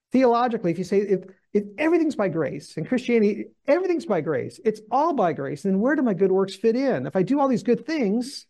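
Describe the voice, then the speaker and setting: Animated man teaching the Bible. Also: high-pitched, gravelly. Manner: animated, acts out quoted voices, frequent restarts. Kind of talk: lecture-style Bible teaching.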